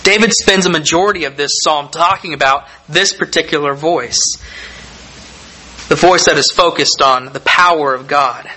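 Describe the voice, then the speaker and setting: A man preaching a sermon, reading scripture aloud and explaining it in a measured, deliberate way with emphatic pauses. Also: on the high side, bright, forceful tone, rough recording.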